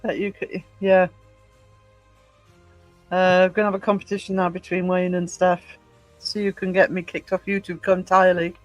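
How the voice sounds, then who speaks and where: A woman's voice: on the low side, level tone, normal speed, pauses often, no room sound, lo-fi sound, soft background music. A woman from Northumberland hosting a livestream, chatting casually and reading out viewers' comments. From Northumberland, England. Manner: chatty, reads chat comments aloud. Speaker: livestream host. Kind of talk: casual chat with live viewers.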